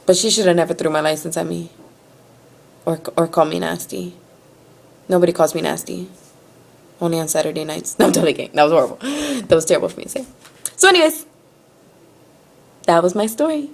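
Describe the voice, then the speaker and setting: A young woman vlogging, telling a personal story in an animated, indignant and profane way. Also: lowish voice, fast, gravelly, long pauses. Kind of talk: storytelling to camera.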